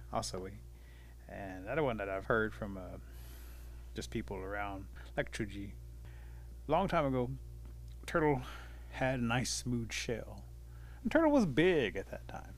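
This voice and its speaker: A storyteller from the Cherokee Nation, telling a folk tale in a relaxed, folksy way with fillers. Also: male voice, on the low side, normal speed, slight background noise.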